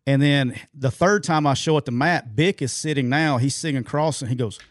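A middle-aged man co-hosts a sports podcast, telling stories casually and rambling anecdotally, full of fillers and restarts. His medium-pitched voice is brisk, recorded at studio quality with no room sound.

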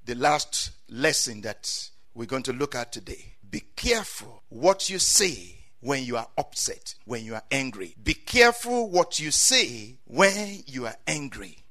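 A man preaching a sermon, swinging from quiet asides to loud cries and saying amen often. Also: mid-range voice, sing-song, measured pace, hardly any pauses.

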